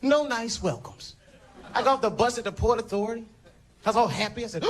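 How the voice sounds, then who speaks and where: A man's voice: sits high, brisk. A man from the United States doing a stand-up routine, telling stories in a loose way with punchy, profane asides. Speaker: stand-up comedian. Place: stage before a laughing audience. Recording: noisy live show recording.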